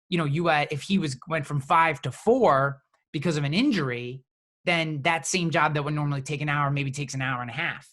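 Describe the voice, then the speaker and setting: A middle-aged man, an insurance agent, explaining things in a casual, halting way with many restarts. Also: fairly high pitch, pushed and bright.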